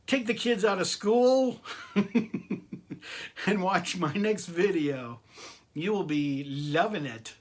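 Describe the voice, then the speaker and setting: A chatty American-born man showing off his latest finds on his own channel, his voice sitting a little high. He talks with bubbly enthusiasm, repeats his favorite words and breaks into laughs. It's a relaxed, rambling vlog chat. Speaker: collector video host. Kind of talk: casual chat to camera.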